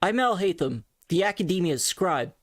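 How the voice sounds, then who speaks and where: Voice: medium pitch, animated, moderate pace, no echo, studio quality, close to an everyday voice. A voice trainee imitating an aloof young male scholar, with an abrupt, punchy delivery. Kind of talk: voice impression practice.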